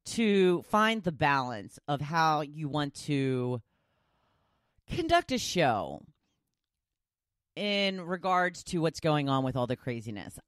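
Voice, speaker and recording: A woman's voice: on the low side, fairly bright tone, no echo, studio quality. A woman hosting a daily talk podcast, chatting casually and poking fun at herself. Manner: chatty, self-deprecating, rambling with restarts. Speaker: talk show host.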